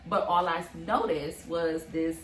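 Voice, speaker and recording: A young woman in her twenties, casually telling a personal story on a couple's vlog, animated and full of fillers. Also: deep voice, unhurried, roomy sound. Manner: animated, many fillers, acts out quotes. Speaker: vlog co-host.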